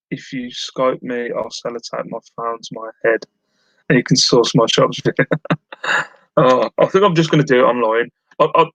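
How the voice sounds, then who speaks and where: A medium-pitched, slightly bright male voice comes through on a dry, low-quality recording. He's hosting a live stream from his home, rambling in casual chat as he reads out viewer messages with self-mocking humour.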